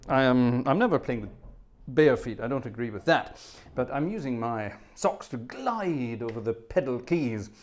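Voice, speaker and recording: A man's voice: medium pitch, expressive, normal speed. A middle-aged man from Scotland hosting a home organ livestream, telling a rambling, jokey story with self-corrections and asides.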